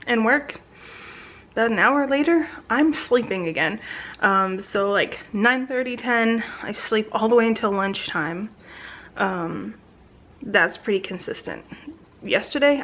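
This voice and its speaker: Talking directly to her camera at home, a woman in her thirties gives a relaxed pregnancy update as a vlogger. She chats and rambles, filling the talk with ums, likes and false starts. Her medium-pitched voice is a little bright, captured close on the camera with poor audio quality.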